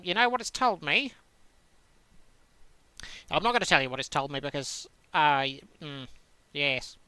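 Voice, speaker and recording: A man chatting through a solitaire game in a bright, crisp voice. He rambles, cuts himself off mid-phrase and plays with words in a dry, wandering way, recorded close and dry with no room sound. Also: on the high side, no echo. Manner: rambling, self-interrupting, musing aloud to himself; dry playful wordplay. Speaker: host playing solitaire on screen. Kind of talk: casual gaming commentary.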